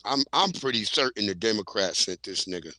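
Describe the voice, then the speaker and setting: A man's voice: lowish voice, animated, fairly quick, pushed and bright, no room sound, rough recording. Laid-back slangy male stream host. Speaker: livestream host. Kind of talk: casual commentary.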